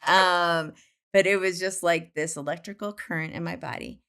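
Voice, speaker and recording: A woman's voice: on the low side, normal speed, gravelly, clear, resonant tone. A woman guest on a podcast, chatting casually and telling a story with lots of "like" fillers. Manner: chatty, many "like" fillers, excitable.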